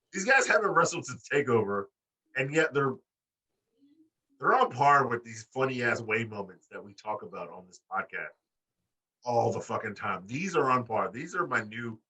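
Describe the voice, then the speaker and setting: Animated, profane man on a wrestling podcast. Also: husky, recorded from a distance. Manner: animated, profane, acts out quotes in high voices. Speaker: podcast co-host. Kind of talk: casual wrestling podcast chat.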